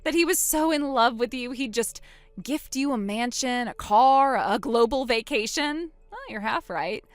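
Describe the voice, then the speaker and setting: A woman voicing a calm, vengeful young woman who coldly springs a trap on her sister in a text-story drama. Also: fairly high pitch, a little slow, dry recording. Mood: cold triumph. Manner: cool, quiet, coldly sarcastic.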